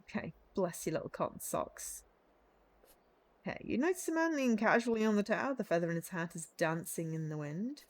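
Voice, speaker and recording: A woman, streaming and reading a narrative game aloud, chatty and animated with joking asides. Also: medium pitch, brisk.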